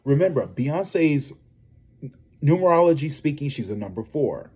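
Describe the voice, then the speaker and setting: Profane, animated male gossip streamer. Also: on the high side, measured pace, slightly rough, muffled recording. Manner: profane, animated, talks straight to viewers. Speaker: psychic tarot reader and gossip host. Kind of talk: casual celebrity gossip livestream.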